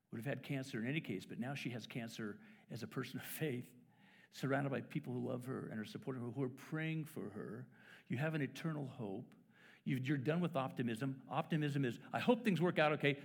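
A man's voice: mid-range voice, husky. Man, pastor, sermon, storytelling, mid-range voice, long church reverb. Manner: storytelling, acts out dialogue with lively shifts. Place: church sanctuary.

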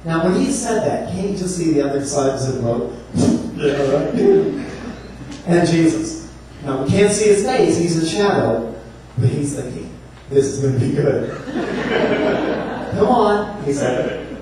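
A man preaches with a humorous, storytelling energy, slipping into playful voices for the characters. His voice sits a little high. He is heard from a distance in a strongly echoing room with faint background noise. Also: measured pace. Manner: animated, humorous, acts out voices with laughs. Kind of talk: storytelling sermon.

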